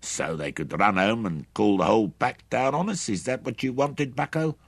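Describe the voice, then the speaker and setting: A man's voice: lowish voice, normal speed, gravelly, no room sound, voice pushed up. A man doing a brash, callous mercenary soldier. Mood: taunting. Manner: loud, taunting and swaggering. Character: crude defiant male mercenary, brash and callous.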